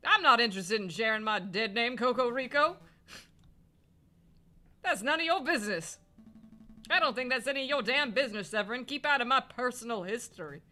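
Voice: mid-range voice, fairly quick, long pauses, pushed and bright, faint music behind, natural voice. A player voicing a hot-tempered male falcon lawyer who snaps back indignantly. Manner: indignant, snappy.

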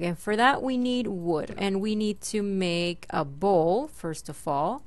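A woman's voice: mid-range voice, no room sound. A young woman chatting her way through a Minecraft let's play, talking to mobs and her pet and squealing when startled. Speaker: gaming channel host.

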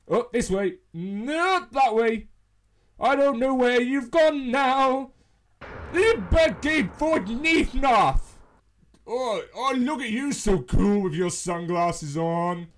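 Man gamer, high-voiced, horror let's play, yelps and talks to the monster, unhurried between scares. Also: animated. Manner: jumpy, yelping, talks to the monster.

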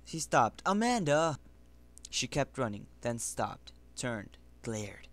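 A man's voice: mid-range voice, slow, a bit bright, a little hiss or hum. A man reading a children's novel aloud in an amateur audiobook, with plain, earnest storytelling. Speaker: reader.

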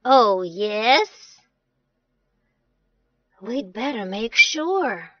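Woman voicing cross sarcastic villagers, storybook, slow, dry lo-fi recording. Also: a little high, animated, fairly bright tone, no echo, heavily acted. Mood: grumbling. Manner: grumbling, sarcastic. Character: cross grown-up villagers, grumbling and doubtful.

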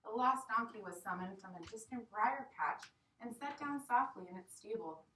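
A woman teacher reading a story aloud to her class in an expressive, dramatic storytelling manner. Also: on the high side, normal speed, slight background noise. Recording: echoey classroom from far off.

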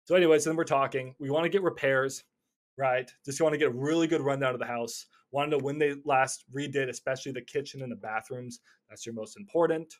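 A man teaching cold calling in a casual, energetic way, often stumbling over and repeating words. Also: medium pitch, brisk. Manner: energetic, stumbling repeats, slips into acted phone calls. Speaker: real estate investor teaching cold calling. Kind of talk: casual instructional talk.

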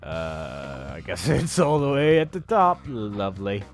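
A man's voice: on the low side, big pitch swings, measured pace. A man giving sarcastic let's play commentary, humming and making up silly songs as he plays. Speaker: game commentator. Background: faint game music.

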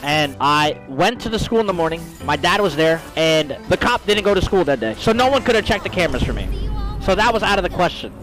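A man's voice: high-pitched, lively intonation, fairly quick, a bit bright, soft background music. A man streaming a game while telling a story in casual, profane slang, calling his listeners bro.

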